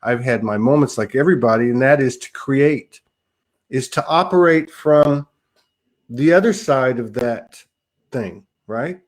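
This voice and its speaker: A man hosts a casual spiritual chat, speaking earnestly and often voicing agreement with his guest. His voice sits at a middle pitch for a man. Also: unhurried. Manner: earnest, affirming, frequent agreement. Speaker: host.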